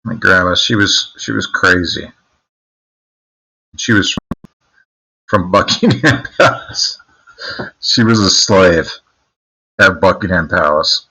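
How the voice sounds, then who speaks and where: A man's voice: low-pitched, slow pace, gravelly, pauses often, sharp tone, rough recording. A man streaming live, chatting casually with his viewers in a crude, joking, mocking way.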